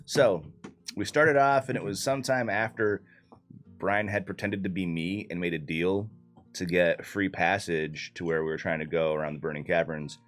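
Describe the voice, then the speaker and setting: Over soft background music, a man with a low voice loosely recaps a tabletop game campaign session he played in. He speaks at normal speed with fairly even intonation, casually and profanely, full of fillers.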